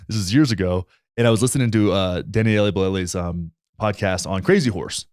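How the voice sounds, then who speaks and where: Male podcast host, blunt and heated, fast talker, dry close sound. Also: low voice, a little mellow, clean tone, no room sound. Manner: heated, blunt, swears freely. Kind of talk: casual conversational podcast.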